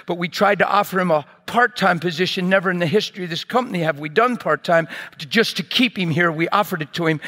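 A man preaching, telling a personal story in an animated way and acting out scenes with sound effects. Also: fairly high pitch. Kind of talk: sermon testimony storytelling.

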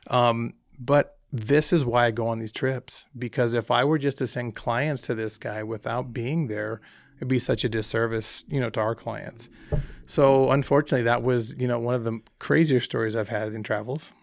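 A man casually telling an animated travel anecdote, acting out the dialogue as he goes. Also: medium pitch, normal speed, gravelly. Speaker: hunting trip guest telling a story. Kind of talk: casual storytelling.

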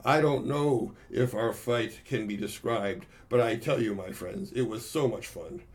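A man's voice: on the low side, measured pace, darkish tone, close to an everyday voice. A man voicing a playful, boastful male monkey warrior who tells of his battles with glee to his friends. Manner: gleeful, boasting storyteller addressing friends.

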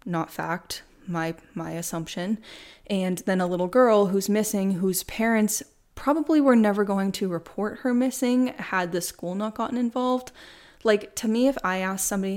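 A woman's voice: medium pitch, moderate pace, darkish tone. A young woman hosting a true crime podcast, reading updates and then chatting candidly and loosely. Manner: candid, chatty, swears casually. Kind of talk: casual podcast narration.

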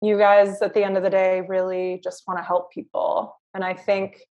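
A woman's voice: medium pitch, completely flat delivery, normal speed. A woman podcast guest, emotional and stumbling over her words in casual chat. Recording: dull lo-fi sound.

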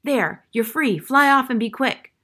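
A woman's voice: high-pitched, expressive, unhurried, bright, forceful tone, pitched above the performer's own voice, exaggerated voice. Woman voicing a firm, no-nonsense mother mouse. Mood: urgent. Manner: firm and authoritative. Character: brisk, sensible widowed mother mouse.

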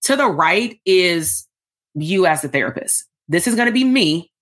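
A woman coaching therapists on building a business. She teaches a live workshop in an energetic, animated way, with casual slangy asides. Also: lowish voice, a little slow. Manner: addresses the audience as "y'all".

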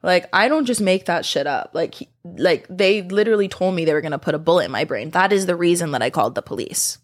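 A woman's voice: lowish voice, lively intonation, fast. A woman in her twenties talking straight to camera in a casual vlog, blunt and profane, going from hesitant to heated. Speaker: vlogger. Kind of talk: casual vlog talk reacting to comments.

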